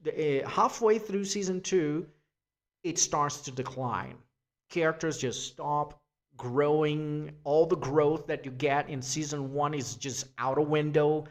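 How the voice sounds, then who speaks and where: A man giving a free-form spoken essay, rambling with restarts and casual swearing. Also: fairly high pitch. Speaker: essay vlogger.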